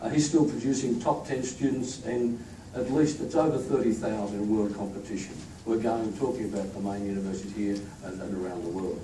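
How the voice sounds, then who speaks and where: An institute leader gives a chatty, joking speech at a staff event, introducing team members to the crowd. His lowish, mellow voice runs a little fast with fairly even intonation and few pauses. The echoey event room is captured with a distant mic and crowd noise.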